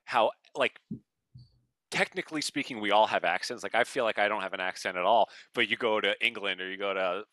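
A man hosts a podcast with a full radio voice, speaking loudly and upbeat at one steady volume. His tone is bright and forceful. The sound is dry and close to the mic. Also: brisk, no room sound. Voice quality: deep radio voice. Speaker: podcast host. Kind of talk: casual podcast interview.

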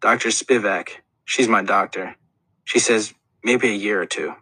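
A man's voice: on the low side, steady tone, measured pace, bright, forceful tone, husky, no echo, heavily acted. A man voicing a small, clever, bossy boy who talks in precise, grand words in an audiobook. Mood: matter-of-fact.

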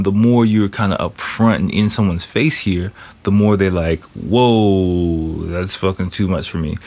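A man in his thirties giving casual, rambling advice, swearing freely and acting out what other people are thinking. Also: low-pitched. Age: 30s. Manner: profane, rambling, acts out other people's thoughts. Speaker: commentator on a show.

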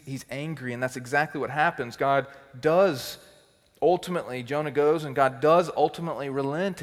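A male teaching pastor delivering a sermon, swinging between loud emphatic bursts and quiet, intense stretches. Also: on the high side. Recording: long hall reverb.

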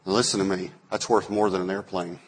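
A man in his forties, a pastor preaching a sermon, telling stories and acting out quotes with sudden loud bursts. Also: low voice, little pitch movement, fast talker, slight background noise. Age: 40s.

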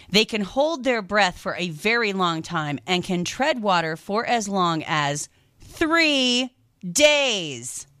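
A woman hosting a radio shopping show, chatting casually and animatedly, reacting with loud disgust and telling stories. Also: mid-range voice, no echo. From lived in New York.

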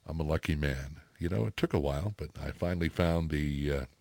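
A man's voice: very deep voice, brisk, a little mellow, no echo. A middle-aged man hosting a morning radio show, chatting casually with lots of fillers. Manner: chatty, folksy, many fillers. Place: radio studio.

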